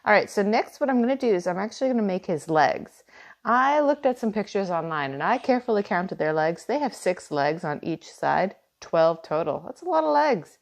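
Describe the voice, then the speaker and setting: A woman walks viewers through a cartoon drawing, step by step. Her voice sits at a middle pitch. She explains each stroke gently as she draws. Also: lively intonation, moderate pace, gravelly. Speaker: art teacher. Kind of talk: drawing tutorial.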